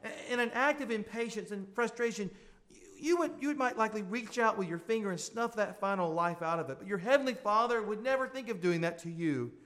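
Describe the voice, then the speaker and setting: Earnest preaching man, fairly high voice. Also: fairly quick. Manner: earnest preaching with rising emphatic swells; drops to soft intimate asides. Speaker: pastor. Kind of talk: sermon.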